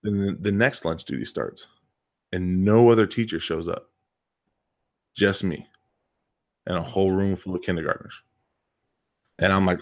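Low-ish guy, coach cohosting a podcast, telling a story casually, repeats stuff for emphasis. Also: steady tone, normal speed, pauses often. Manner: emphatic, repeats words for stress. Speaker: podcast co-host, coach and PE teacher.

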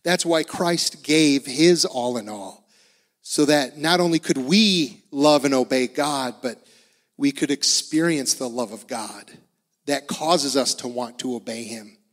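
A man's voice: medium pitch, a little slow, long reverb tail. A man in his forties preaching a sermon in an earnest, conversational way. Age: 40s. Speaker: pastor.

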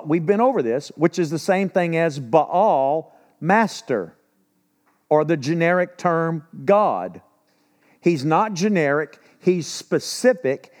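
A male pastor preaching a conversational sermon, acting out quotes and correcting himself as he goes. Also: on the high side. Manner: animated storytelling, acting out quotes.

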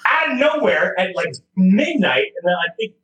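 An animated man in his forties chats loosely, full of "like" and false starts. His voice sits high and swings widely in pitch. The room around him is noticeably echoey. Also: moderate pace, muffled recording, a little hiss or hum. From Montreal, Canada. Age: 40s. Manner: animated storyteller, lots of "like" and restarts. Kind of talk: casual chat.

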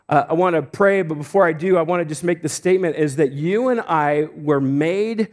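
A man's voice: fairly high pitch, darkish tone. A man preaching as a visiting pastor, speaking conversationally with jokes, fillers and restarts before a church. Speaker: guest pastor. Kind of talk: sermon. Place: church sanctuary.

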